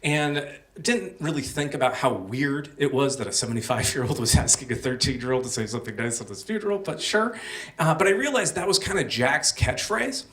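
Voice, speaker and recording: A man's voice: medium pitch, brisk, a bit bright, far from the mic. A young man telling a personal story on stage at a live storytelling show, casual and self-deprecating, with many fillers.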